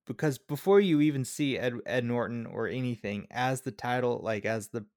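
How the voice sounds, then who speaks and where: A man's voice: medium pitch, moderate pace, darkish tone, no room sound. Podcast guy talking movies, kinda hesitant, thoughtful, dry mic sound. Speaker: podcast co-host. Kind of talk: casual movie review chat.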